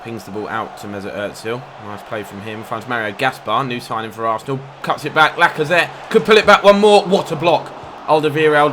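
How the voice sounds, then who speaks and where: A young man commentating on his football video game match, excitable and bursting into loud outcries at near misses and fouls. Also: mid-range voice, background noise. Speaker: gaming YouTuber.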